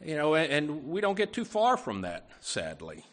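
A man's voice: fairly high pitch, wildly swooping pitch, normal speed, fairly bright tone. A man preaching a sermon, emphatic, often adding "you know" asides, with words that swell and drop.

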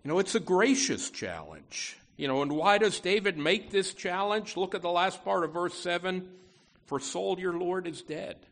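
A man preaching a sermon, often saying "you know", who slows down and swells when he reads Scripture aloud. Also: sits high. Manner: lively preaching with frequent "you know" fillers and emphatic repeats. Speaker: pastor.

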